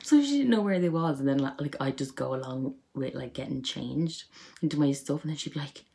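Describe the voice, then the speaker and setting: Her voice is a bass with lively intonation, vocal fry and a mellow quality, at normal speed. A young woman vlogger chats to camera, recounting funny childhood tales with lots of fillers and laughing.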